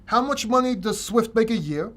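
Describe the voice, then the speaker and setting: A higher-pitched man hosts a casual livestream Q&A, rambling loosely from one point to the next. He often restarts his sentences and doubles back mid-thought. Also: expressive, moderate pace, a bit bright. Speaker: crypto channel host.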